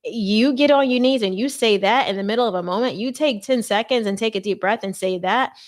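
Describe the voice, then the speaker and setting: A woman host talking earnestly and conversationally about faith and marriage preparation, with playful asides. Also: mid-range voice. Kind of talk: faith-based marriage advice talk.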